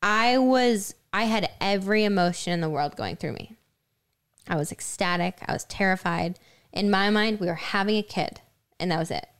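A woman's voice: medium pitch, normal speed, clear, resonant tone. A young woman co-hosting a podcast, telling a personal story in casual chat with lots of fillers. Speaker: podcast co-host.

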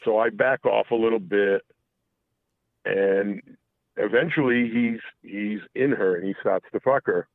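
Calling in to a talk show, this man tells a candid personal story, rambling along with lots of restarts and swearing. His voice sits on the low side, gravelly and unhurried. The recording is dry, with the tinny sound of a phone line.

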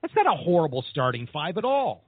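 A man hosting a sports podcast, chatting with upbeat, animated optimism. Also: on the high side, brisk, husky, no echo. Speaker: podcast host. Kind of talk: casual sports chat. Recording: tinny phone-like sound.

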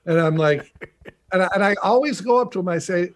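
He has a high voice and talks fairly quickly: a middle-aged former pro football player who became a broadcaster, telling anecdotes in a video-call interview with chatty restarts and emphatic repetition.

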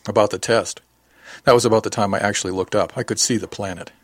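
A man's voice: lowish voice, fairly even intonation, very fast, no room sound, studio quality. A man reading a first-person audiobook story aloud and giving the characters their own small voice changes. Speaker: audiobook narrator.

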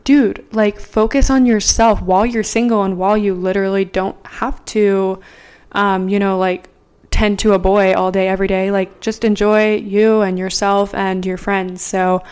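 A woman's voice: mid-range voice, level tone, moderate pace, darkish tone, clear, resonant tone. A young woman co-hosting a podcast, telling a story in casual chat, rambling and swearing freely. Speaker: podcast co-host.

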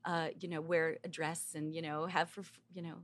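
A woman's voice: sits low, flat delivery, brisk. A woman actress chatting casually as an interview guest, with many fillers.

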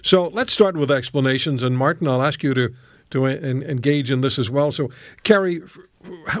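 Interviewing guests on his talk radio show, this host is combative and rhetorical, quick with a joke, speaking into a studio mic. He has a mid-range voice, with dull audio and no echo.

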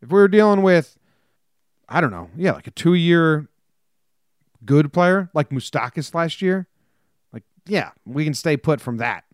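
A man's voice: on the high side, lively intonation, dry recording, studio quality. Chatty man co-hosting a podcast. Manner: chatty, quick asides and laughs. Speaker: podcast co-host. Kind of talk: casual podcast chat.

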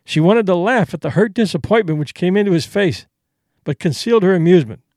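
A man narrating an audiobook with expressive storytelling. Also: high voice, fairly quick, dry recording, clean studio sound.

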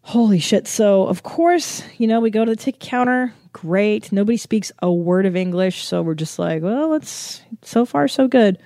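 A woman's voice: medium pitch, moderate pace, hardly any pauses, mellow, no echo, clean studio sound. A young woman comedian telling a travel story with lots of swearing and self-mocking jokes. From United States. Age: young adult. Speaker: comedian and podcast host. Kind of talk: comic storytelling.

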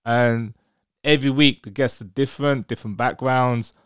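An enthusiastic man hosts a podcast interview in a casual, effusive way. His voice is smooth and resonant, sitting at an ordinary pitch, and it is recorded dry and close with no room sound. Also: steady tone, normal speed, no room sound. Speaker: podcast host.

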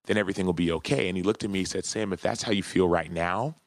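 A man in his thirties with a low, deep voice shares a personal story as a podcast guest. He speaks earnestly and from the heart, in a relaxed conversational interview. The sound is close and dry, with no room echo. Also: quick pace.

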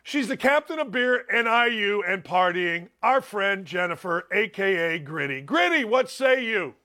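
A man in his sixties hosting a sports talk show, rambling through emphatic, animated stories and opinions. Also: sits high, a little slow. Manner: loud, rambling, emphatic storytelling.

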